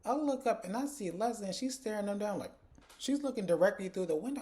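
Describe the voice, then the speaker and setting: Man, TV recap vlogger, mellow tone, blunt casual chat to his viewers. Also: high voice, lively intonation, fairly quick. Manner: chatty, blunt, addresses viewers as y'all. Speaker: TV episode reviewer.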